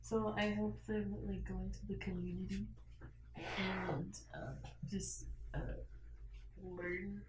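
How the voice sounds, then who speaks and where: A woman's voice: medium pitch, flat delivery, takes it slowly. A woman guest on a podcast, chatting casually and laughing often. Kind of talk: casual chat. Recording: echoey room, distant mic, faint noise.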